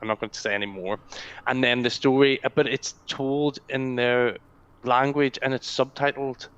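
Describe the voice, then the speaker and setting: A man's voice: mid-range voice, normal speed, clear, resonant tone. A man co-hosting a casual gaming podcast, telling stories about games with enthusiasm. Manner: enthusiastic, animated storytelling. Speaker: podcast co-host. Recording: slightly dull lo-fi audio.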